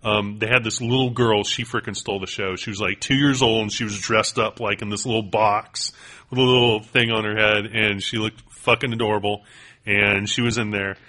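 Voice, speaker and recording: A man co-hosting a podcast in casual chat, an excitable storyteller who piles up fillers and restarts. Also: on the low side, normal speed. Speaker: podcast co-host.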